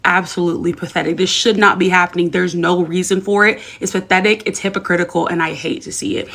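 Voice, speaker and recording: A woman from the United States giving an angry, indignant opinion rant, swinging between heated outbursts and hushed asides. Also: mid-range voice, vocal fry. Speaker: commentator.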